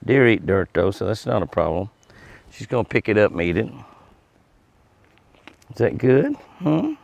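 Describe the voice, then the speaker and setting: A man's voice: lowish voice, very animated, normal speed, vocal fry, darkish tone, dry recording. Folksy man coaxing deer. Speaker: deer ranch vlogger. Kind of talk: casual talk to animals and viewers. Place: outdoors at a deer pen.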